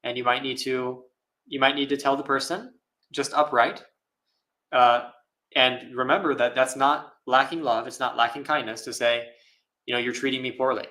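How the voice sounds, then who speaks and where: A man who is a Buddhist monk, answering questions in a relaxed, thoughtful way with frequent laughs and fillers. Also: medium pitch, normal speed, rough recording. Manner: casual, thoughtful, laughs often, many fillers. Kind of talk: live Q&A dharma talk.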